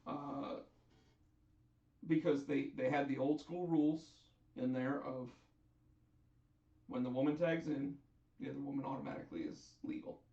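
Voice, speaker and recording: A man hosting a casual wrestling chat on a live stream, chatty and animated as he tells what happened. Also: medium pitch, moderate pace, long pauses. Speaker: host. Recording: echoey, distant, dull sound.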